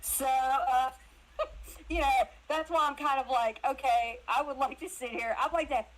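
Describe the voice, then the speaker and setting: A woman guest telling casual stories in an animated way, laughing often and acting out other people's voices. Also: high voice, unhurried, low-quality recording. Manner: animated, laughs often, acts out her mother's voice. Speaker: interview guest. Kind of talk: casual storytelling chat.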